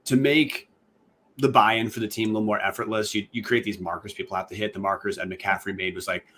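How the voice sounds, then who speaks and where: A man's voice: on the low side, steady tone, a little fast, fairly bright tone, slight background noise. A man co-hosting a podcast, asking long, winding questions and correcting himself as he goes. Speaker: podcast co-host. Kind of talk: podcast interview.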